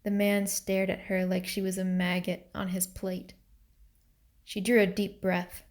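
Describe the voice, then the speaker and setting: A woman narrating a novel excerpt for students in a calm, deliberate reading. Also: mid-range voice.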